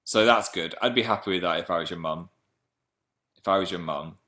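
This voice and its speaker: A man's voice: sits low, a little fast, bright, forceful tone. A man hosting a casual livestream, chatting playfully and reading viewer comments aloud. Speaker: livestream host.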